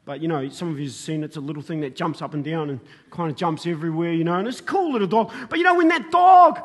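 An Australian man, a middle-aged pastor, preaching a sermon in a rambling storytelling way that rises to emphatic, shouted points. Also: on the high side, quick pace, slightly rough, big-room sound.

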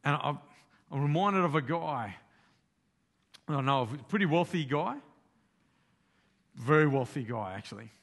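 A man's voice: on the high side, expressive, moderate pace, vocal fry, long pauses, a bit bright. Man preaching in a casual storytelling way. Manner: conversational, retelling a story in everyday slang. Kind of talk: sermon storytelling.

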